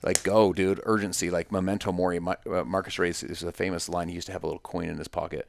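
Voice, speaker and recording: A man's voice: low voice, flat delivery, quick pace, creaky, noisy background. A man talking as a podcast guest in casual conversation, emphatic and story-driven, with punchy repetitions.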